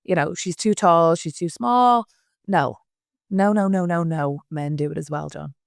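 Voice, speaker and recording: A woman's voice: low voice, normal speed, gravelly, no echo, studio quality. A woman in her thirties with an Irish accent, co-hosting a podcast in casual, teasing chat. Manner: chatty, teasing, apologetic asides. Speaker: podcast co-host.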